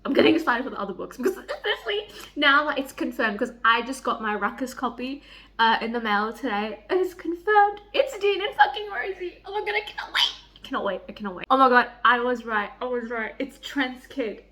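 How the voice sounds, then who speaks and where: A young woman chatting excitedly in a book vlog, gushing, giddy and swearing freely. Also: a little high, brisk. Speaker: book vlogger. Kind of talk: excited reading vlog chat.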